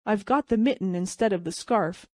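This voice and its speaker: A woman's voice: medium pitch, moderate pace, darkish tone, no echo, natural voice. A woman voicing a bitter, heartbroken young man in a dry audiobook reading. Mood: hopeless. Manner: wry, mocking deference turning hopeless.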